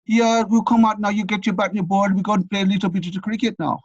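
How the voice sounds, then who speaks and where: A man voicing cheeky, laid-back teenage Jamaican boys in a loud, high, sing-song Jamaican accent. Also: level tone, quick pace, dull audio.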